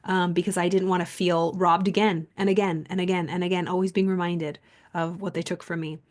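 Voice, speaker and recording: Her voice is fairly low with a flat delivery and a brisk pace. This podcast host and coach rambles through a personal story in a casual storytelling monologue, chatty and earnest, reflective, and full of "like."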